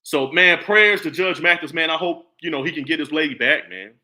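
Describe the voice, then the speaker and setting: A man in his forties giving a casual, preachy opinion monologue, animated and repetitive. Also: a little high, a little fast. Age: 40s. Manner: animated, preachy, repeats himself. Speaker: commentary vlogger.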